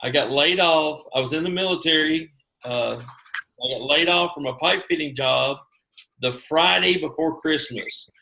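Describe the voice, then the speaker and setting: A man telling his own story on a video call, animated and poking fun at himself. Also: fairly high pitch, unhurried, creaky, slight background noise. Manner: animated, self-mocking, acts out his own reactions. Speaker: guest sharing his sales story.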